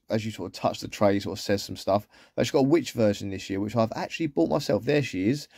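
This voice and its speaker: Male vlogger, easygoing and rambling, mellow voice, dry close sound. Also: medium pitch, no room sound. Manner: chatty, rambling, with trailing asides. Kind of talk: casual shopping haul commentary.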